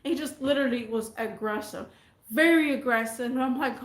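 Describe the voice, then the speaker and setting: A woman vlogger telling a neighbor story in a rambling, animated, slangy way. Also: a little high, fairly quick, roomy sound. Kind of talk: casual storytelling.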